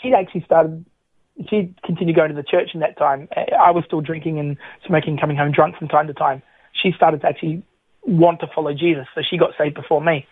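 The voice is fairly high and husky, moving at a fairly quick pace, as a middle-aged man gives his personal testimony as a guest. He animates his story by acting out what others said, over a tinny phone connection with no echo.

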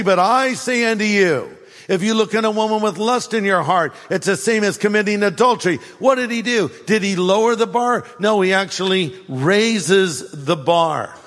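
An older man preaches a sermon in a fairly high voice. He moves between animated storytelling, wry sarcasm and firm repetition. His words ring out with a long reverb, as if he is recorded in a large hall. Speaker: pastor.

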